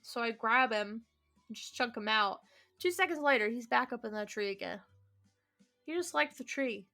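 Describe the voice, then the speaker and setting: A woman's voice: fairly high pitch, animated, normal speed, creaky, bright, forceful tone, faint music behind. A woman playing through a visual novel, reading its lines aloud and chatting casually between them, swearing now and then. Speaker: let's play streamer.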